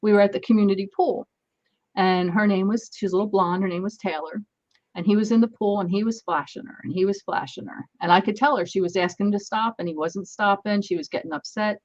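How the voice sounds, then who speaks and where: A woman's voice: mid-range voice, brisk, highs cut off. A woman guest telling parenting stories in a casual interview, acting out the dialogue as she goes. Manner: animated anecdotes, acts out dialogue. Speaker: guest, energy healer.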